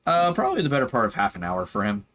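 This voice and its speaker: Dude running the d&d game, easygoing narration, voice bounces up and down a lot. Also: male voice, medium pitch, wildly swooping pitch, racing, a bit bright, slight background noise. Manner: casual, laid-back narration with fillers. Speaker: game master.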